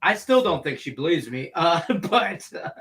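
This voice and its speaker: Animated, bright-voiced male co-host. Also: on the high side, moderate pace. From Detroit area. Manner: animated storyteller, acts out quoted voices. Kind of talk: casual sports betting chat.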